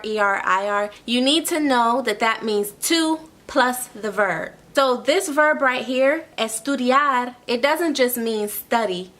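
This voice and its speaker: A woman with a bright, forceful voice pitched a little high teaches an online language lesson. She walks through each point patiently, repeating phrases and checking in with a quick "okay?". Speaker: Spanish tutor.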